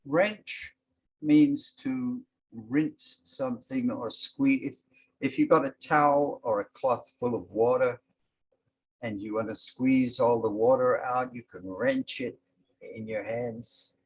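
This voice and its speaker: A man teaching a language lesson, explaining words slowly and calling out each one with emphasis. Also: mid-range voice, steady tone, darkish tone, rough recording. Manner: slow and explanatory, sounding out each word with emphasis.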